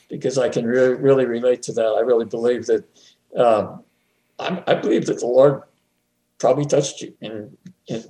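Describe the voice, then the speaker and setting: A man chatting as a guest on a talk show, often chuckling and repeating words when he gets excited. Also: medium pitch. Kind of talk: casual conversation. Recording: roomy echo.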